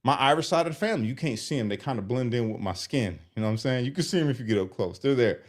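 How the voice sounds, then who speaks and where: A man doing live commentary on viewer comments, animated and exasperated as he reads them aloud. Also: medium pitch, rapid-fire. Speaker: streamer reacting to comments.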